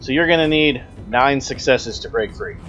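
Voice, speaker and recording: A man running a tabletop role-playing game as game master, briskly explaining rules and teasing the players. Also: mid-range voice, fairly bright tone, muffled recording, soft background music.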